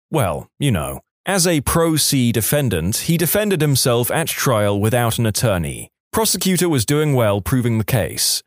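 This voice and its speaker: The host of a story channel reads reddit stories aloud, adding wry asides. His medium-pitched voice comes through clean studio sound without echo.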